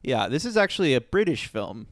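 A man co-hosting a podcast, chatting casually about a film in a relaxed, rambling way with frequent restarts. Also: mid-range voice, fairly quick, no room sound, clean studio sound. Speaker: podcast co-host. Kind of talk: casual chat reviewing a film.

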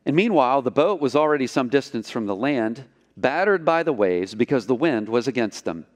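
A man preaching a sermon as pastor, storytelling with lively delivery and acting out the quotes. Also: mid-range voice, a little fast, in a large hall. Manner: animated storytelling, acts out quotes.

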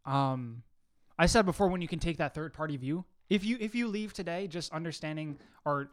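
This is a young man in relaxed podcast chat, sincere and a bit rambling. His voice sits slightly high for a man, and he keeps dropping "like" and restarting his sentences. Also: brisk. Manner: earnest, filler-heavy, lots of "like". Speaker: podcast co-host. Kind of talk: casual chat.

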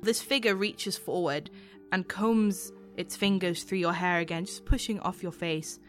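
A woman running a tabletop role-play as game master, narrating scenes in a slow, soothing, descriptive way. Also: on the low side, soft background music.

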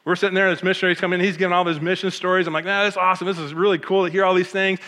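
A middle-aged man from Michigan, a pastor, tells his own story of calling with feeling. His voice sits a little high and rings bright. He slips into the voices of others as he goes. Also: racing, in a large hall. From Michigan, USA. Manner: animated, emotional, acts out quoted voices. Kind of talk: personal testimony storytelling.

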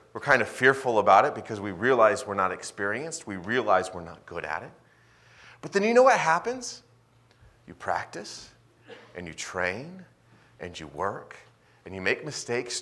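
A male pastor preaching a sermon, swinging between loud emphasis and quiet asides. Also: lowish voice.

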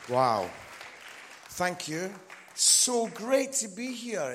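With a high-pitched, sing-song, fairly bright voice, an Edinburgh comedian and guest preacher talks very slowly through a chatty, teasing sermon laden with fillers, his Scottish accent clear. Long reverb fills the church hall, with a faint crowd and slight background noise.

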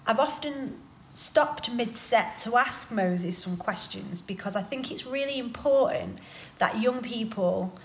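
A woman's voice: on the high side, animated, unhurried, a little hiss or hum. A young woman hosting a podcast interview, upbeat and chatty, often laughing. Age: young adult. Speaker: podcast host and singer.

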